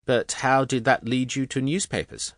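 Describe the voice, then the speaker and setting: Man playing a curious young woman, higher lifted voice, dry sarcasm, audiobook dialogue. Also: normal speed, dry recording, lightly acted. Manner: inquisitive, dryly sarcastic.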